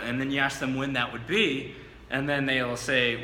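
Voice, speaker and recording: A man's voice: mid-range voice, steady tone, moderate pace, pushed and bright. A man working as a real estate agent, explaining a door knocking script in a casual teaching talk and acting it out with enthusiasm. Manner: casual, explaining with fillers, bursts of enthusiasm in demo. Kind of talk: instructional talk with role-play demo. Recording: echoey room with long reverb, faint background hum.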